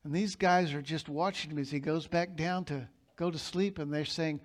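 A male pastor delivering a sermon in an emphatic, storytelling way. His voice sits high for a man, and he pushes his key lines to loud peaks. He retells scenes vividly and drives his points home. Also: steady tone, normal speed, few pauses.

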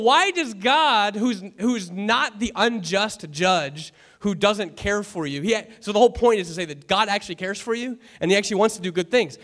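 A pastor giving an earnest, conversational sermon, repeating key phrases and turning to the congregation with casual asides. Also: male voice, high voice, a bit bright.

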